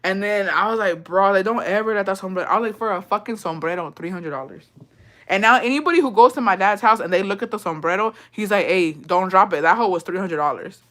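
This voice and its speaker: A woman's voice: medium pitch, fast. A young woman telling a story casually to her viewers, swearing freely, dropping in Spanish words and laughing as she goes. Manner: profane, slangy, mixes in Spanish words; animated retelling, laughs often. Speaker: vlogger.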